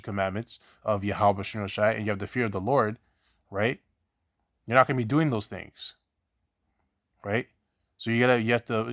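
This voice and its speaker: A man's voice: fairly low pitch, a bit bright, no echo, clean studio sound. A man giving an informal scripture teaching, talking conversationally, often asking "right?" and repeating himself, blunt and at times profane. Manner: conversational, repeats 'right?' and restarts; blunt, swears in examples. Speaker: preacher.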